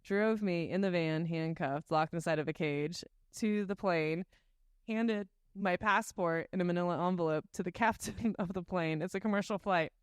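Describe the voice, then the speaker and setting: A young woman, a podcast guest, telling a story in a casual, animated way and acting out the voices of the people in it. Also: on the low side, moderate pace, smooth, dry recording, clean studio sound. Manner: animated, acts out quoted dialogue.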